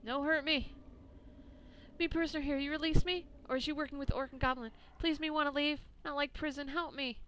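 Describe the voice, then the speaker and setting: A woman's voice: high-pitched, steady tone, brisk, fairly bright tone, slight background noise, voice pushed up. A woman reading out a captive male bugbear's lines in broken, caveman-like grammar. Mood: pleading. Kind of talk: reading game dialogue aloud.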